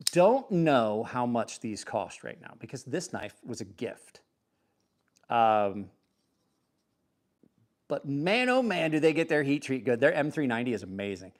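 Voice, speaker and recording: A man hosting a knife review channel, talking casually and enthusiastically to camera, rambling and self-deprecating with frequent restarts. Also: mid-range voice. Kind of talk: casual product talk to camera.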